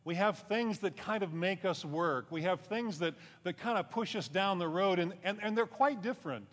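A male pastor with a somewhat high voice delivers a conversational sermon. He lifts his voice for emphasis and then sinks low at the ends of thoughts. The sound carries a long hall reverb. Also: expressive, normal speed, a bit bright.

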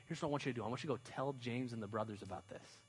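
A man doing Peter, loud and exasperated. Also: mid-range voice, rapid-fire, slightly rough, big-room sound, lightly acted, low-quality recording. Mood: urgent. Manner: loud, pleading, modern slang. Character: the apostle Peter, adult man, urgent and exasperated.

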